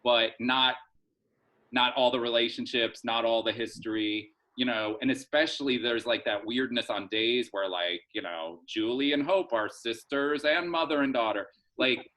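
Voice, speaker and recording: A man's voice: mid-range voice, moderate pace, sharp tone, poor audio. A middle-aged man, a soap opera writer, chatting through a rambling story in a casual interview, full of fillers and restarts.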